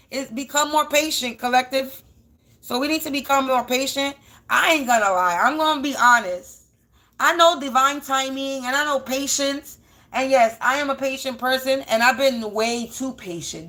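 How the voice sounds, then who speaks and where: A woman's voice: sits high, normal speed, sharp tone. A woman doing a casual spiritual reading, blunt and profane, repeating phrases for emphasis. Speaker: spiritual energy reader.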